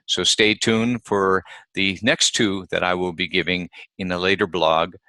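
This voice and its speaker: A male teacher giving a pronunciation lesson, speaking deliberately and repeating each example word. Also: low-pitched, steady tone, bright, forceful tone, no echo. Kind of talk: instructional lesson.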